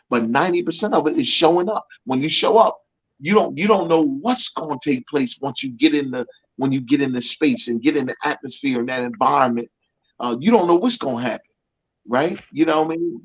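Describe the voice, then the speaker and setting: A middle-aged man with a slightly high, husky voice, talking as a motivational coach. He speaks emphatically, repeats his points and restarts his sentences with a preacher-like rhythm. The sound is dull and lo-fi. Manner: emphatic, repetitive, preacher-like cadence with many restarts. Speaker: coach, interview guest. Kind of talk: motivational interview talk.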